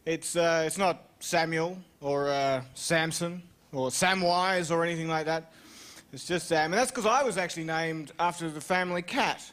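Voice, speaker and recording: An Australian man doing a stand-up comedy set on a club stage, chatty and animated, slipping into put-on voices for his bits. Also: a little high, moderate pace.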